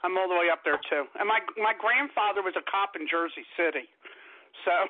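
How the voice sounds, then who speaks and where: A woman's voice: on the low side, a little fast, dry recording. Radio co-host, Philly-woman, talkative and laughing, on a dry phone-like line. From Philadelphia. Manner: chatty, reminiscing, laughs often. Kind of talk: casual radio chat.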